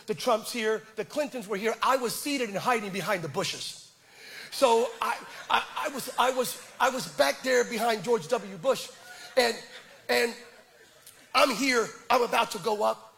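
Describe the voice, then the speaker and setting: A middle-aged male pastor preaching with animated, self-deprecating personal stories and frequent stammered restarts. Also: sits high, creaky, husky. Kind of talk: sermon with personal storytelling.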